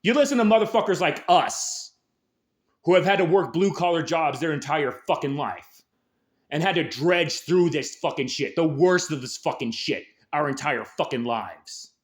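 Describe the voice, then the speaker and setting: A man's voice: fairly high pitch, normal speed. A man hosting a show, delivering an angry, aggressive political rant full of swearing. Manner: angry, aggressive, heavy swearing, shouted peaks. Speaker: host.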